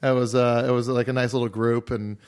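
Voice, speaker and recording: A man chatting casually on a podcast, telling rambling stories with lots of fillers and restarts, his voice a little hoarse. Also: mid-range voice, flat delivery, a little fast, a little mellow. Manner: rambling, filler-heavy storytelling. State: hoarse after a day of screaming. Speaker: podcast host. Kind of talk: casual chat.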